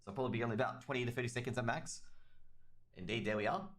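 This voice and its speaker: A man's voice: medium pitch, racing, a bit bright. A man with an Australian accent giving chatty, rambling solo commentary on a livestreamed match and talking straight to his chat. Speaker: esports caster.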